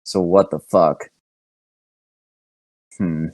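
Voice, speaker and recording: Stressed low-voiced man, swearing. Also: fairly even intonation, extremely slow, darkish tone, no room sound. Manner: stressed, hesitant, swears a lot. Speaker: tabletop game player. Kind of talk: casual game chat.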